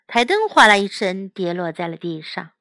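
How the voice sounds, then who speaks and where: A woman English teacher reading a storybook aloud in a slow, clear, expressive way. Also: mid-range voice, no room sound. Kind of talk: bilingual storybook read-aloud.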